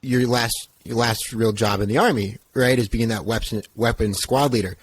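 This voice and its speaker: A man's voice: mid-range voice, moderate pace, slight background noise. A man hosting a podcast, asking questions in a loose, conversational way with many fillers. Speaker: podcast host. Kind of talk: casual interview questions.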